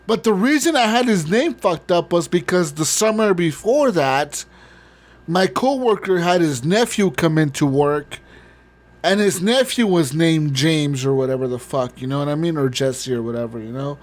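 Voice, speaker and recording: Man, gaming podcast host, slightly high-pitched, rambling and profane. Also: animated, moderate pace. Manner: profane, rambling, laughs often. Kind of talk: casual podcast chat.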